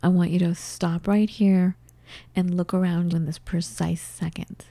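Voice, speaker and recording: A woman acting out a calm coworker who insistently urges her to notice the present moment. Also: fairly low pitch, a little slow, dry recording.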